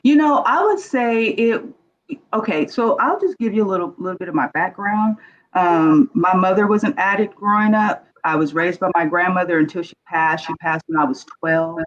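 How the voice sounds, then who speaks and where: A woman's voice: on the low side, moderate pace. Frank middle-aged woman on a dull call. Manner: frank, earnest, conversational. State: emotional. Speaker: guest panelist. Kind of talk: candid personal storytelling. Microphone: video call.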